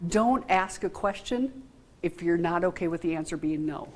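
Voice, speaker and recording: A woman's voice: lowish voice, measured pace, a little mellow. A woman giving an informal training talk to a group, frank and conversational, often asking the room questions. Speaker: workshop trainer.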